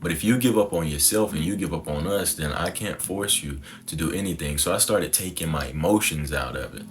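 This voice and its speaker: A man's voice: deep voice, fairly quick. A young man telling his personal story to the camera in a reflective, conversational, slangy way. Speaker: content creator.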